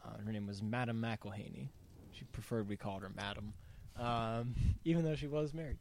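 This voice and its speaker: A man's voice: mid-range voice, moderate pace, gravelly, darkish tone, slight background noise. A man from Ohio chatting casually as a podcast co-host, telling rambling stories and laughing through them. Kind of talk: casual chat.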